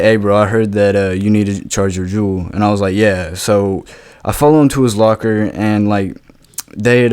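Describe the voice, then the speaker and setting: A man's voice: fairly low pitch, a little mellow, clear, resonant tone, no echo. A young man telling a casual storytime monologue in a laid-back way, full of fillers and swearing, often asking "right?".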